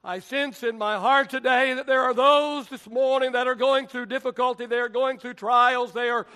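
A male pastor preaching a sermon in a church, reading scripture and praying in a deliberate, emphatic way that swells at times into shouts. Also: very high-pitched, fairly even intonation, clean tone. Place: church sanctuary.

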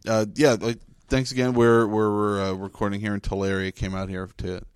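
A man's voice: fairly low pitch, flat delivery, moderate pace, clean tone, dry recording, clean studio sound. A man hosting a podcast in casual chat, rambling and joking at his own expense. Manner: rambling, self-deprecating joker. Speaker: podcast host.

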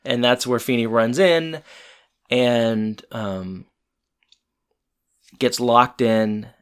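A man's voice: medium pitch, drawn-out words, fairly bright tone, clear, resonant tone. A man co-hosting a casual chat, retelling a TV episode in a loose, rambling way with fillers. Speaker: podcast co-host.

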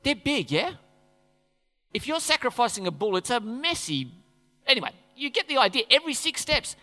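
A male pastor delivering a sermon with a high, lively voice that keeps asking the room questions. His tone is bright and forceful. Long reverb hangs on every phrase. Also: moderate pace. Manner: conversational, questioning the audience. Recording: echoey hall reverb.

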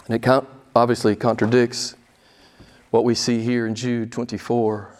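A man preaching a sermon as pastor, emphatic and full of rhetorical questions, swinging between loud and soft. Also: medium pitch, level tone, normal speed.

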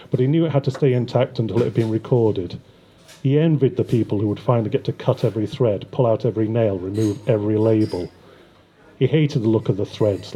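A man reading his own crime story aloud at a live reading event, in a steady, measured way. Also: mid-range voice.

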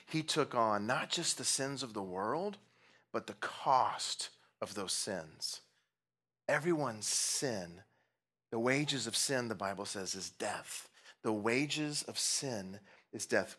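A middle-aged man preaching a sermon as pastor, earnest and emphatic, slowing down and dropping to near-whispers on key phrases, with light humorous asides. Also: medium pitch, sharp tone.

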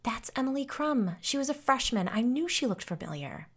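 A woman's voice: fairly low pitch, steady tone, brisk, gravelly. A woman voicing the eager, chattering ghost of a teenage girl who turns bitter toward her old friends in this storybook reading. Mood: excited.

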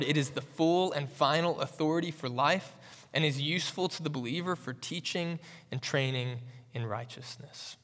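A man preaching a sermon as pastor, earnest and emphatic, with measured rhetorical pauses. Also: medium pitch, a bit bright, in a large hall. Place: church sanctuary.

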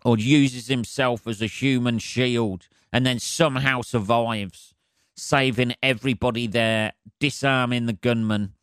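A man's voice: medium pitch, clean tone, no room sound, clean studio sound. A man hosting a solo podcast, ranting in a sweary, rambling way. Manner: sweary, rambling, laughing asides. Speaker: podcast host. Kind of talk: solo comedic rant.

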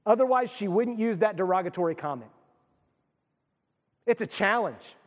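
Middle-aged guy pastor preaching, high voice, chatty and emphatic, reverby church hall. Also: expressive, moderate pace, pauses often. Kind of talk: sermon.

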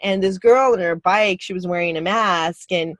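A woman's voice: fairly low pitch, normal speed, a bit bright. A middle-aged woman, a podcast host who chats casually and laughs readily. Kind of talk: casual chat.

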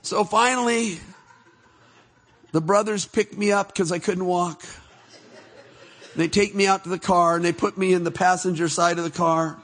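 A middle-aged man preaching a testimony sermon, telling his story with animated laughter, turning soft and hushed when he reflects. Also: high-pitched, normal speed, pauses often.

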